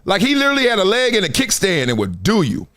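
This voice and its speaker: Brief: male host from Compton, high and lively voice, slangy playful live-stream sports chat. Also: quick pace. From Compton, California. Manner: animated, playful, slangy, laughs often. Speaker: show host.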